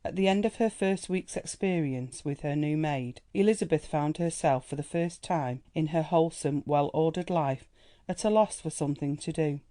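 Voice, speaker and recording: An audiobook narration of a classic novel is delivered by a mid-range voice, with calm, measured, even storytelling.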